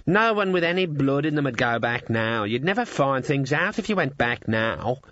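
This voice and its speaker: A man's voice: mid-range voice, big pitch swings, normal speed, a bit bright, dry recording. A man voicing a chatty, know-it-all male talking raven who teases and gossips in a playful manner. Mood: teasing. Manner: gossipy and teasing, with a playful stammer. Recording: slightly dull, dry studio sound.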